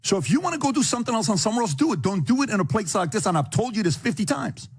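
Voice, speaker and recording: A man sternly lecturing a colleague in a heated exchange. His husky voice sits high for a man and swings widely in pitch as he pushes his point fast. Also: very animated. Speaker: podcast host.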